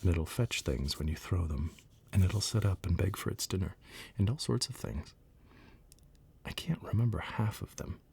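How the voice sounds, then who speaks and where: A man's voice: low-pitched, expressive, normal speed, exaggerated voice. A man whispering the part of a curious, polite little girl in a bedtime storybook reading, as whispered role-play. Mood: eager. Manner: soft, breathy whisper, earnest and fretful.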